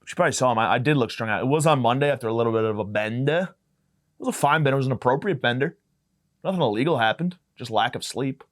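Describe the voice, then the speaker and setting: A young man hosting a podcast, delivering a rambling, profane comedic monologue that jumps from tangent to tangent. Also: medium pitch. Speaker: podcast host.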